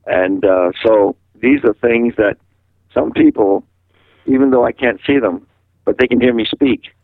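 An older man from Massachusetts, a radio guest telling a rambling personal story in a halting way, often repeating words. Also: mid-range voice, dry recording. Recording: tinny phone line on radio.

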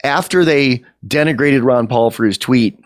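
A man's voice: medium pitch, normal speed, no echo, studio quality. A man co-hosting a podcast, talking in a rambling, opinionated way with many restarts. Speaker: podcast co-host. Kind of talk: casual podcast chat.

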